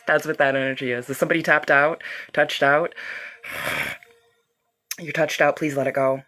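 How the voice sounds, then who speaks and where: A woman's voice: sits low, fairly even intonation, slow, long pauses, pushed and bright. A woman hosting a live-streamed reiki healing session. She talks straight to her viewers and reads out their comments in a loose, chatty way, laughing often. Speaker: reiki healer hosting a livestream.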